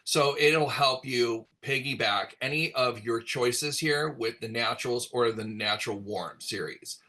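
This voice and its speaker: Bright-voiced man explaining hair color. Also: medium pitch, measured pace. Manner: relaxed, rambling explanation with many fillers. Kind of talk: virtual class talk.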